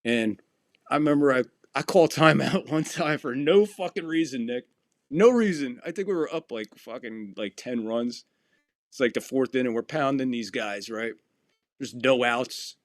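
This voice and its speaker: Recorded in clean studio sound with no room sound, a man at medium pitch hosts a podcast. He tells stories casually, cursing freely and performing the quotes with animation.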